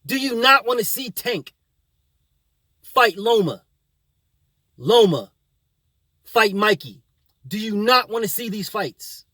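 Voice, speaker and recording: High-voiced man ranting profanely. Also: lively intonation, slow, pauses often, bright, forceful tone, dry recording. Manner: profane, repetitive, combative. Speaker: boxing channel host. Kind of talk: heated opinion rant.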